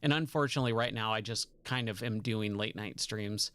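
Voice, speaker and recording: Excited male game streamer. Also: fairly low pitch, fairly quick. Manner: enthusiastic, chatty, laughs often. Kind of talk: casual gameplay commentary.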